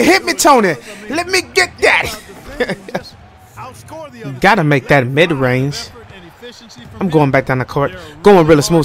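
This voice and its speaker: A young man with a slightly higher voice gives loose, playful commentary over a basketball video game. He trash-talks the other team and laughs often. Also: fairly bright tone. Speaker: gaming commentator. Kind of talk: casual gameplay commentary.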